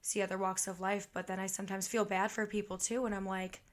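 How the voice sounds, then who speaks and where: A woman's voice: medium pitch, flat delivery, quick pace. A woman from Illinois, co-hosting a podcast in casual chat, blunt and swearing, asking probing questions. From Illinois, USA. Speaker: podcast co-host.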